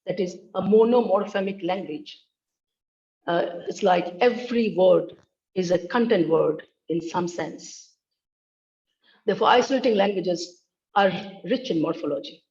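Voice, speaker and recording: A woman's voice: medium pitch, moderate pace, highs cut off. A woman giving an academic talk on linguistics, speaking carefully and demonstrating tones with examples. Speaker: linguistics researcher presenting.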